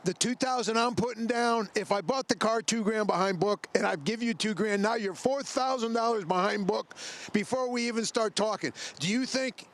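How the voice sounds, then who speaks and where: A car dealer from the pitches his deals hard, with a high voice for a man. He hammers on his slogans and talks straight to the buyer. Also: normal speed, a bit bright. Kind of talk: sales pitch.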